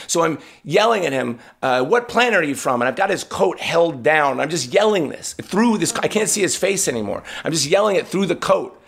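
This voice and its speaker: A man guest on a podcast, telling a story about himself in a casual, animated, self-deprecating way. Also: on the high side, vocal fry, slightly rough.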